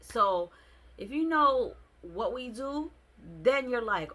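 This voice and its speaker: A young adult woman vlogging a casual storytime, expressive and slangy, with many fillers. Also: a little high, a little slow.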